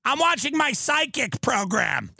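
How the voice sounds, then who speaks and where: A man's voice: extremely high pitch, very animated, measured pace, vocal fry, sharp tone, dry recording, studio quality, pitched above the performer's own voice, full character voice. A man doing a grumpy Southern wife. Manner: curt, bored replies.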